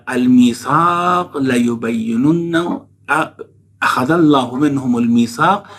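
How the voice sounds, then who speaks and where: A man lecturing on scripture in a measured, explanatory way, reciting verses quickly between his explanations. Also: mid-range voice, husky. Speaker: Quran lecturer. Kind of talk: religious lecture.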